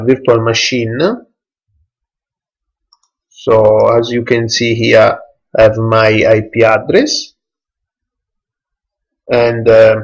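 Man, slow hesitant tutorial narrator, mouse clicks in background. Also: mid-range voice, vocal fry, highs cut off. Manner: halting non-native English, many hesitations. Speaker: tech tutorial presenter. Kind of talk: screen-recorded software tutorial.

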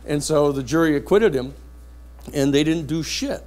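A man lecturing a university class, telling a courtroom story in a blunt, lively anecdotal way. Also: fairly high pitch, moderate pace.

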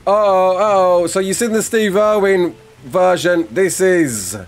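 A man's voice: high-pitched, takes it slowly, a little hiss or hum. A man giving gameplay commentary, chatty and talking to himself, laughing at mishaps. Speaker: gaming YouTuber.

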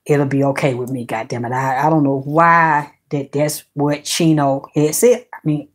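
Woman host, casual gossip chat, animated, swears freely. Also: deep voice, normal speed. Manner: animated, swearing, talks straight to her viewers. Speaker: celebrity gossip channel host.

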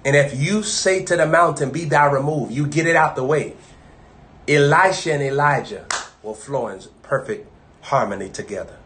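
A man preaching an informal live-streamed sermon, talking conversationally and repeating himself, moving from loud bursts to low asides. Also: normal speed, a little hiss or hum.

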